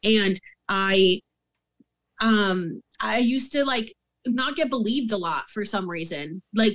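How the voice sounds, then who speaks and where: A young woman with a slightly high voice tells a story in a relaxed interview. She gets heated and profane and speeds through it, acting out what others said as she goes. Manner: heated, profane, rapid storytelling with quoted dialogue. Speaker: guest.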